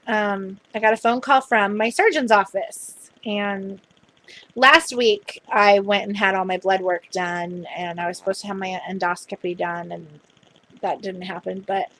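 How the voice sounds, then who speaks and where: A woman's voice: medium pitch, fairly bright tone. A young adult woman vlogging in a casual, chatty way, retelling a phone call at length. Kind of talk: casual chat.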